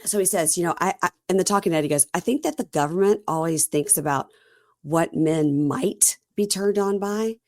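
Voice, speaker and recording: A podcast host with a low-pitched, slightly mellow voice casually recaps a reality show episode, acting out both sides of each scene as she narrates. She speaks at a moderate pace. The sound is dry and close, with no room sound around her.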